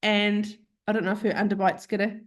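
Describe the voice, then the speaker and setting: A woman, telling a personal story in a chatty, animated way as an interview guest, acting out the voices of others and laughing often. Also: mid-range voice, a little fast. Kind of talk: casual storytelling.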